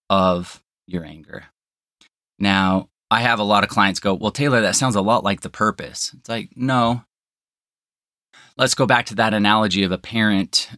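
A man's voice: deep voice, bright, forceful tone, dry recording, studio quality. A man hosting a solo podcast, explaining ideas in a conversational counselor's way, often checking in with "right?" and the odd "um". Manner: conversational, frequent "right?" and "um" fillers.

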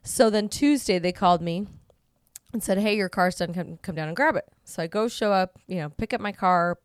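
Lively storytelling woman, dry close sound. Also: fairly low pitch, normal speed, no echo. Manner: animated storyteller, acts out quotes with laughs. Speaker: podcast co-host. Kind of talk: casual storytelling chat.

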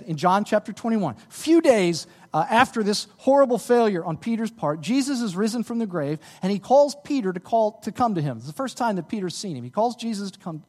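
Man, pastor, sermon, high-pitched, animated swings, emphatic. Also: long reverb tail. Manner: animated, rises to emphatic peaks.

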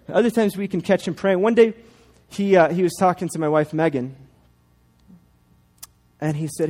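Animated storytelling man pastor. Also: sits high, moderate pace, long pauses. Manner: animated storyteller, playful asides. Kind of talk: sermon with storytelling.

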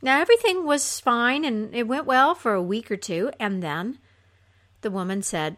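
A woman telling a fairy tale aloud in an unhurried, expressive way, her voice softening at the ends of phrases. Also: fairly high pitch. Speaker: storyteller.

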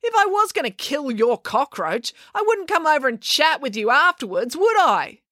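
A woman's voice: high-pitched, very animated, normal speed, fairly bright tone, no room sound, studio quality, pitched above the performer's own voice. A woman voicing a brash, outspoken young girl who answers with sarcasm in an audiobook. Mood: indignant. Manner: sarcastic, indignant. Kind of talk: audiobook character voice.

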